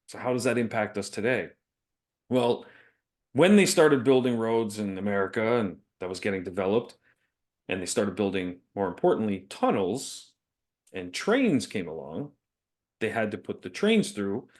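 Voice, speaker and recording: A man's voice: on the low side, very animated, normal speed. Chatty man co-hosting a business podcast. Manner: chatty, laughs often, storytelling. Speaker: podcast co-host. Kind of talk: casual business talk.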